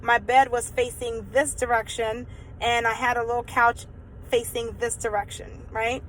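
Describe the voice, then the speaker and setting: A woman's voice: a little high, a little slow, a little hiss or hum, rough recording. Chatty young woman telling a story. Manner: chatty, animated, many fillers. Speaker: vlogger. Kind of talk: casual storytime vlog.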